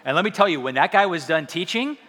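Bright-voiced male pastor preaching. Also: fairly high pitch, expressive, fast talker. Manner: conversational and self-deprecating, with humor. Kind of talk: sermon. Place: church hall. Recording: reverberant hall sound.

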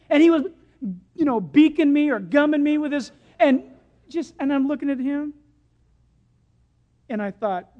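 A preacher giving a sermon, telling stories with animation and swinging from loud to hushed. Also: high-pitched, lively intonation, fairly quick, dull audio.

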